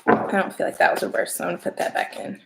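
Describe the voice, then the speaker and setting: A woman's voice: quick pace, very noisy. A young woman doing a casual, playful tarot reading on a livestream, chatting straight to her viewers. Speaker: tarot reader.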